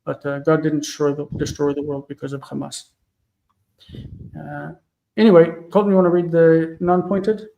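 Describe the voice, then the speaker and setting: A man teaching a casual live Bible Hebrew lesson, thinking aloud with many fillers and reading verses slowly before explaining them. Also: on the high side, flat delivery, gravelly, dark tone, lo-fi sound.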